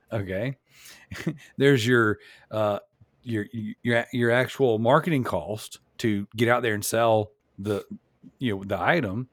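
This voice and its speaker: A man's voice: medium pitch, no room sound, clean studio sound. A man hosting a casual podcast, making his points emphatically, often restarting and asking "you know what I'm saying?". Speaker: podcast host.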